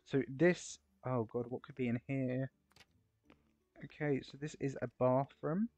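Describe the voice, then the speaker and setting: Excitable man, dry lo-fi mic. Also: mid-range voice, no room sound, soft background music. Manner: excitable and gushing, quick gasps and exclamations. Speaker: game video creator touring player builds. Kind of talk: casual gameplay commentary. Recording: slightly dull, lo-fi recording.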